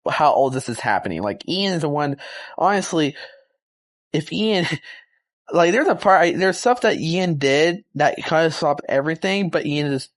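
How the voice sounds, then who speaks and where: Excitable young man reviewing a movie. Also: fairly high pitch, normal speed. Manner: excited, rambling, slangy with lots of fillers.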